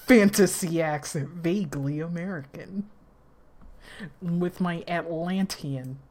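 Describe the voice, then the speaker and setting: Woman streamer chatting on a live stream, unhurried, excitable and chatty. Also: on the low side. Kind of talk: casual live-stream chat.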